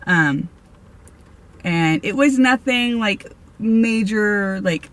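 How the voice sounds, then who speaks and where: Woman, medium-pitched voice, casual ghost story vlog, animated, laughs a lot, frequent ums and restarts. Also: slow pace. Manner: animated, laughs often, many fillers and restarts. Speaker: spiritual medium vlogger.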